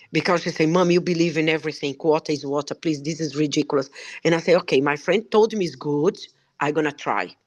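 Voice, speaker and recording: A woman's voice: low-pitched, no echo. A woman speaking as a shares an emotional, earnest testimonial on an online call. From Belgium. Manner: emotional, earnest, broken English. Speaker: product presenter.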